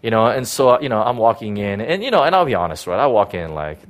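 A middle-aged man, a pastor, giving a personal testimony in a sermon. He talks haltingly, repeating words and filling with "you know.". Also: fairly low pitch.

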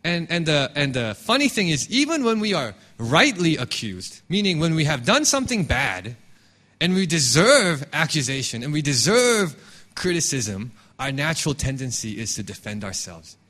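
A man's voice: a little high, moderate pace. A man preaching a sermon as a pastor, talking candidly and telling stories with restarts. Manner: animated, candid storytelling with frequent restarts.

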